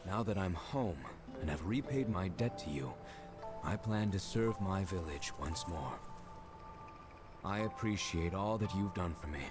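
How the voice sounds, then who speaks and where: An actor voicing a solemn, wise male talking red beast in a video game, speaking with a deep, grave, measured voice. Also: expressive. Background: game music.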